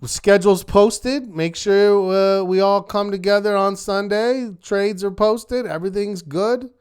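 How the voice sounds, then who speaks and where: A man's voice: sits high, fairly even intonation, measured pace, smooth. A man hosting a live online trading class, upbeat and encouraging, working through rhetorical checklists of questions for his students. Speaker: trading instructor hosting a weekly market wrap.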